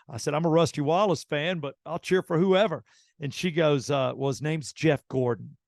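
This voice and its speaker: A middle-aged man, hosting a radio show and telling an anecdote in a casual, animated way, acting out the dialogue. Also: fairly high pitch, moderate pace, gravelly, dry recording, clean studio sound. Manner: animated anecdote teller, acts out quoted dialogue. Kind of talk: casual storytelling.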